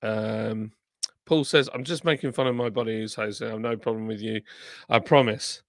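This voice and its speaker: Man, live streamer, tired, rambling and self-deprecating, gravelly tone, dry recording. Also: lowish voice, steady tone, moderate pace, no echo. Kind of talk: casual chat reading out live comments.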